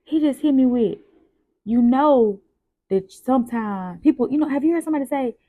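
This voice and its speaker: Young woman host, casual spoken devotional, lively pitch swings, close and dry. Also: normal speed, no room sound. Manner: animated, repetitive preacherly emphasis with rhetorical questions. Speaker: host journaling aloud on faith.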